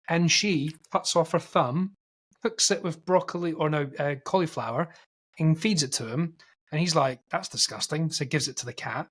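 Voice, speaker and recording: A man co-hosting a film podcast, casually retelling a film's plot in a rambling, animated way and acting out quotes. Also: fairly high pitch, normal speed, husky. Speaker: podcast co-host.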